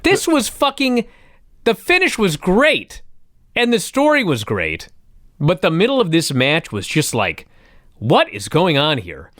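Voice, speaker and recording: Animated, profane man retelling with gusto. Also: on the high side, measured pace, dry recording, clean studio sound. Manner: profane, excitable storytelling. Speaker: podcast co-host recapping wrestling. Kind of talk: casual chat.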